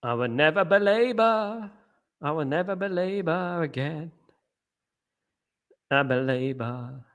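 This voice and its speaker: A man's voice: fairly high pitch, lively intonation, slow, pauses often. A man hosting a live football watchalong stream. He chats casually with viewers and keeps singing playful chant parodies.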